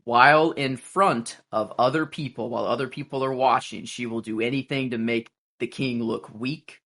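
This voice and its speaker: A man's voice: mid-range voice, fairly even intonation, normal speed, fairly bright tone. A man co-hosting a podcast, musing aloud in casual talk with many fillers. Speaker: podcast co-host. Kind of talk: casual recap chat.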